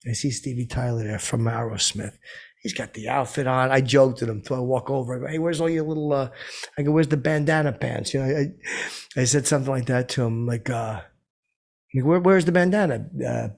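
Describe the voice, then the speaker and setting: A man with a gravelly, husky voice spins a rambling, boastful comic tale. He stumbles through fillers and restarts as he goes, at an ordinary mid pitch. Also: steady tone, fairly quick. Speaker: comedic storyteller character.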